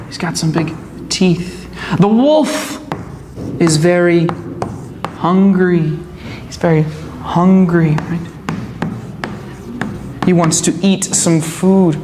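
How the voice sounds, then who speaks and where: A woman teacher tells a story to young English learners very slowly, repeating and explaining each word. Her voice rings through a large hall with a long reverb tail, over a faint hum of background ambience. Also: on the low side.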